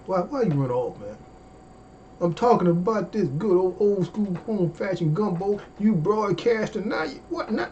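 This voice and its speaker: A man, hosting a comedy livestream in casual chat, animated and folksy, with drawn-out exclamations. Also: on the high side, lo-fi sound, a little hiss or hum.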